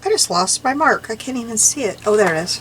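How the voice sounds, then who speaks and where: A woman's voice: on the high side, expressive, fast talker, background noise. A woman crafting vlogger chatting casually while she works, giddy and talkative, laughing often and using lots of fillers.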